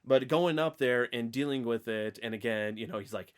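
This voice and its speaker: A man's voice: medium pitch, moderate pace, clear, resonant tone. A man with an Oklahoman accent co-hosting a casual podcast, rambling with lots of fillers and restarts. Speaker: podcast co-host. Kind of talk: casual chat.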